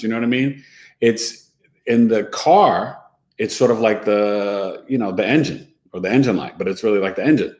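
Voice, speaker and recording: A man with a lower-pitched voice hosts his own astrology podcast, chatting loosely and wandering off on tangents. His talk is full of fillers and friendly asides. The room around him echoes noticeably. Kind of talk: casual monologue.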